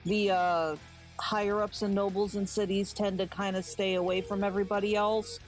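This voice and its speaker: A woman playing her tabletop character in a composed, measured, formal way. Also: medium pitch, little pitch movement, faint music behind, low-quality recording. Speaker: player. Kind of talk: in-character play.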